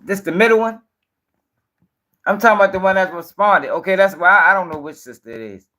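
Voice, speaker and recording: A man's voice: high-pitched, brisk, bright, forceful tone. A man hosting a livestream commentary show, talking bluntly and profanely and firing back directly at viewers in the chat.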